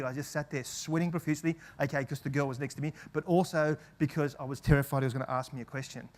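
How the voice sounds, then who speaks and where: A fast-talking man tells a story on stage, animated and chatty. His voice sits a bit high. He keeps stumbling and restarting as he acts out the people in the tale. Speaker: professor giving a presentation. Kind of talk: storytelling talk to an audience.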